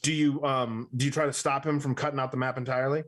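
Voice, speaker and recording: A man's voice: medium pitch, flat delivery, fast, fairly bright tone. A man running a tabletop game as game master, narrating in a casual way and checking in often with "right?". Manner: casual, uses fillers like "right?".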